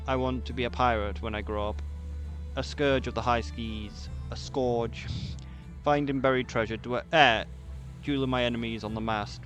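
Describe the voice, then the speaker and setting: A man's voice: mid-range voice, a bit bright, close to an everyday voice. A man reading aloud the lines of an eager young orphan boy in a game, stumbling over fillers. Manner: reads the quest text aloud, fumbling with fillers.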